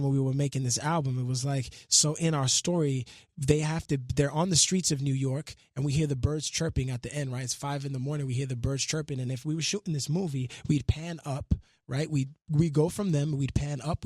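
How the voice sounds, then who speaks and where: A man's voice: medium pitch, dry recording. A man in a casual radio studio interview, talking loosely and half-singing his own lyrics as he explains them. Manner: relaxed, half-sings and recites his lyrics. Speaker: guest musician.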